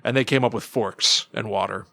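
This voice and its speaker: Man, thirties, podcast co-host, casual chat, animated storytelling, dry close sound. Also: fairly low pitch, normal speed, creaky, no echo. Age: 30s. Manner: animated storytelling, acting out lines with laughs.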